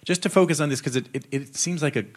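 A man interviewing a guest on stage, asking measured, probing questions. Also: on the high side.

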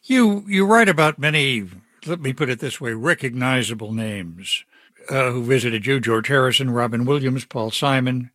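A male host leads a broadcast interview with a mid-pitched voice. He asks his questions in a measured, considered way. The recording is close and dry. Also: fairly bright tone, no echo.

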